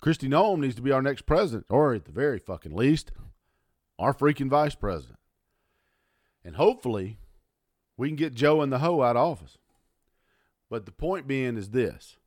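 A man hosts his podcast in a heated, profane rant. His middling voice leaps into loud, high outbursts, then sinks to grumbling mutters. He's recorded close up on a dry mic with no room sound. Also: very animated, normal speed, pauses often, dry recording. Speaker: podcast host. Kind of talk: ranting podcast monologue. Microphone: audio only, close mic.

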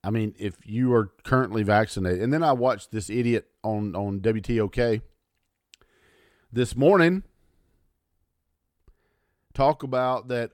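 A man's voice: mid-range voice, a little slow, pauses often, no room sound, studio quality. A middle-aged man, hosting a talk show and ranting angrily about politics, swearing often and sneering sarcastically. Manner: profane, heated and sarcastic. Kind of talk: angry political rant.

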